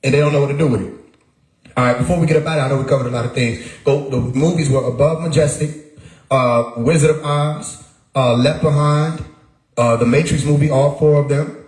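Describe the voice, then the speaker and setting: Recorded in an echoey room, a male livestream host gives a casual solo talk in a slightly high, slightly mellow voice with a steady tone. He speaks a little fast and emphatically, repeating himself and asking rhetorical questions.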